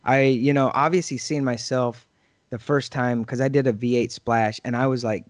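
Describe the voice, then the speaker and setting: Speaking at a moderate pace in a medium-pitched voice, a middle-aged man co-hosts a podcast. He's a lively storyteller in casual conversation, performing the quoted lines himself. The recording is dry.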